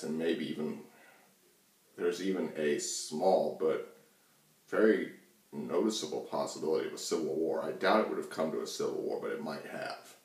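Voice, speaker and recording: Man, very deep voice, rambling profane political rant, roomy echo, distant mic. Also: a little mellow. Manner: rambling, profane, many fillers and restarts. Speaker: channel host. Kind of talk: casual political rant to camera. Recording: echoey room, mic far off.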